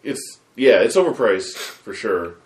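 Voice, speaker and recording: Laid-back podcast host, low voice. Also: male voice, sing-song, measured pace, echoey room. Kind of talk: casual podcast chat.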